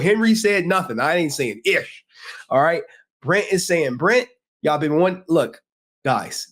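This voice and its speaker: Slangy, joking livestream host, a man. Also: on the high side. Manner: loose, joking, talks straight to chat with slang. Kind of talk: casual livestream chat.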